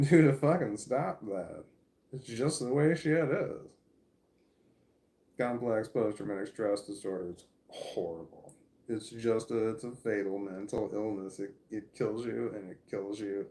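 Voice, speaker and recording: A man's voice: fairly low pitch, unhurried, mellow. A man who stammers, chatting candidly on a live stream and reading viewer comments aloud, blunt and earnest, swearing casually. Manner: stammers, with frequent repeated words and restarts.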